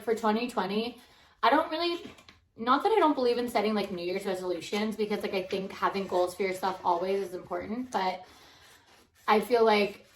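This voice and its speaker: A young woman in her twenties, co-hosting a relaxed chat with a friend. Her delivery stays fairly level, close to the monotone she owns up to. A faint hiss sits under her voice. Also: medium pitch, low-quality recording. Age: 20s. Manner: even, calls herself monotone. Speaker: co-host. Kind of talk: casual chat.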